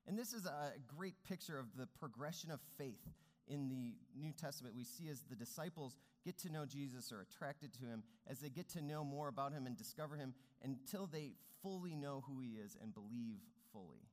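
A man's voice: medium pitch, animated, fairly quick. A man preaching a sermon as pastor, speaking earnestly with rising and falling emphasis. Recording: long reverb of a large hall.

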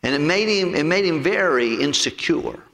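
A man preaches in a high, animated voice that swings widely as he retells a story. He often repeats words, and his bright tone rings out with a long hall echo. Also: normal speed. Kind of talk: storytelling sermon.

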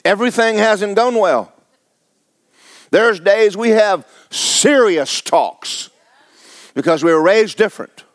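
A man's voice: sits high, slow pace, long pauses, no echo. A man preaching a blunt, exhorting sermon, firing rhetorical questions at his congregation. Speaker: pastor.

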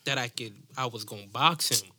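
Mid-pitched, very bright man, laid-back and a bit defensive. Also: brisk, no room sound. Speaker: podcast co-host. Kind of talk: casual chat.

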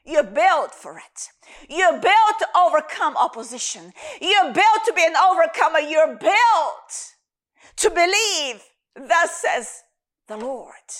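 A woman's voice: very high-pitched, lively intonation, a little slow. A woman preaching a Bible teaching sermon, emphatic and repeating phrases for stress.

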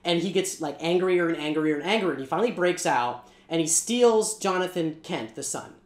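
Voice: medium pitch, reverberant. A co-host of a comic book channel, retelling a comic plot in casual chat, rambling and cursing with lots of asides. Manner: rambling, profane, animated retelling with quick asides.

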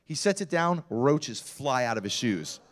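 A man's voice: medium pitch, measured pace. A middle-aged male pastor telling a story in a sermon, acting out the voices of the people in it with big swings of energy. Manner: animated storyteller acting out quotes.

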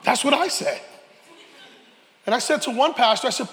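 A man preaching a sermon, animated, with joking asides and shouted peaks. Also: very high-pitched, normal speed. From New York, Harlem. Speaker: pastor. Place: church sanctuary. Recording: reverberant church hall.

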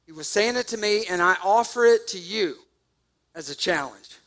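A man preaching a sermon, telling a story with jokes and sudden loud bursts. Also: high voice, animated, moderate pace. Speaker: pastor.

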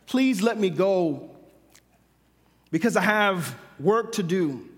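A man voicing a calm risen teacher who asks slow, gentle questions in a story retelling. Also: high-pitched. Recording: long hall reverb.

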